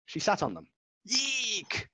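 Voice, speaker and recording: A man's voice: mid-range voice, expressive, brisk, husky, no room sound. A man reading a story aloud in a casual, unpolished way, stumbling over words and restarting them as he goes. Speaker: amateur reader.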